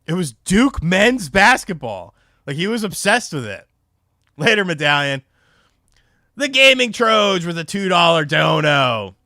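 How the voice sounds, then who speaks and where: A man's voice: high-pitched, big pitch swings, measured pace, sharp tone, dry recording, studio quality. A young man from North Carolina, chatting on a casual livestream and telling rambling, profane stories full of fillers. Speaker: streamer.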